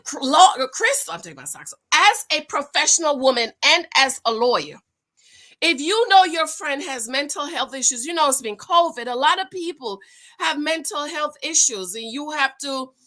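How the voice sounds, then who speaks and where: Forties woman, high and bright, sassy chatty recap host. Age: 40s. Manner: chatty, sassy asides like "honey" and "girl". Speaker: reality show recap vlogger. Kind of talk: casual commentary.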